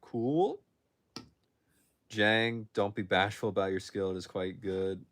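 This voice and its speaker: A man's voice: on the low side, slow pace, fairly bright tone. A young man chatting casually on a livestream from his phone, answering viewer questions with frequent restarts and self-corrections. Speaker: livestream host answering chat.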